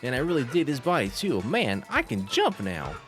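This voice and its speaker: A man's voice: medium pitch, wildly swooping pitch, normal speed, fairly bright tone, soft background music, voice pushed up. A man voicing a cocky male ghost shapeshifter with a put-on Brooklyn accent, brash and swaggering.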